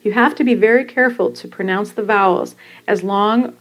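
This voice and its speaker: A woman and podcast host reading from her own book, explaining language learning in a calm, instructive way. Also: mid-range voice, normal speed, poor audio. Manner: calm, instructive, demonstrating pronunciation.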